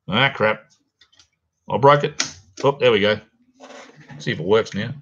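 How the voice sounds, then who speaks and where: In a muffled recording, a middle-aged Australian man rambles casually to his livestream audience from home near a garage. His lowish voice is unhurried and bright, forceful yet with a breathy edge, and his manner stays laid-back and chatty.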